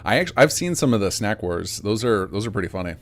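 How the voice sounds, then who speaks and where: A man's voice: lowish voice, animated, fast talker. An American man chatting casually to viewers on a live game stream, rambling in a chatty way. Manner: rambling, chatty, talks to chat.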